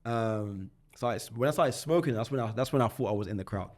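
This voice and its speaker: Telling his life story as a podcast guest, a twenty-something man from London speaks briskly in a mid-range voice. He is lively and slangy, repeatedly restarting and repeating his words.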